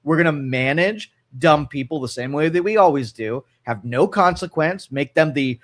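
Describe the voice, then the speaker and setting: A man's voice: fairly high pitch, normal speed. A man co-hosting a radio talk show, opinionated and rambling, with frequent restarts and an Ohio accent. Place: radio studio.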